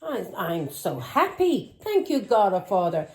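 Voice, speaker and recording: A woman's voice: medium pitch, big pitch swings, unhurried, hardly any pauses, soft background music, rough recording. Angry woman tarot reader. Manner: angry, accusing, swearing, with taunting questions. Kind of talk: tarot reading vlog.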